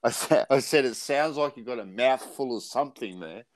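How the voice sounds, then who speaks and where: A man's voice: mid-range voice, expressive, normal speed, no echo. A man co-hosting a livestream, teasing and laughing often. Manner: teasing, laughs a lot, dry wit. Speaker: co-host. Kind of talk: casual banter on a livestream.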